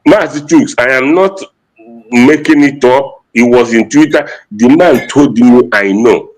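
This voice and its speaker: A man's voice: medium pitch, measured pace, low-quality recording. A man with a Nigerian Igbo accent giving an impassioned political address, mixing English and Igbo and repeating phrases for emphasis.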